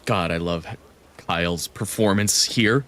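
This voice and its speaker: A man's voice: sits low, a little slow. A man hosting a casual game playthrough, joking and interrupting himself as he comments. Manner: jokey, self-interrupting, playful. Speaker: let's play host. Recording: game music playing loudly.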